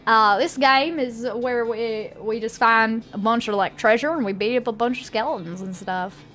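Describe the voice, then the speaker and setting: A woman's voice: fairly high pitch, moderate pace, a bit bright. A woman streaming a game, reading its text aloud and joking sarcastically with chat. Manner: playful, sarcastic, laughs often.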